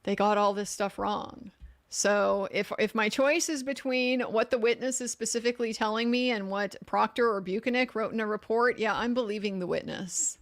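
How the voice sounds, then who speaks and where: A woman's voice: fairly high pitch, moderate pace. Frank, opinionated woman commentator. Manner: frank, opinionated, talks with frequent restarts and laughs. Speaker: legal commentator hosting a livestream. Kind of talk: casual live commentary reading viewer comments.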